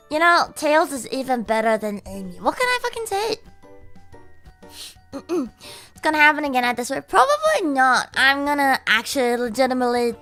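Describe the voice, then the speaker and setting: A woman streamer with a hoarse, worn-out voice, chatting casually to her viewers, giggly, animated and swearing freely. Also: high-pitched, normal speed, pauses often, soft background music. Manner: animated, giggly and foul-mouthed.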